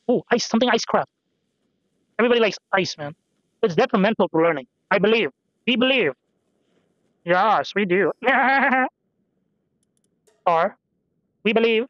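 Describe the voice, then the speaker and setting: A man's voice: high voice, lively intonation, fairly quick, long pauses, fairly bright tone, dry recording, dull audio. A young man giving rambling, self-deprecating commentary over a game, swearing casually and musing aloud. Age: young adult. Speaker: gameplay commentator. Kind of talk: rambling let's-play commentary.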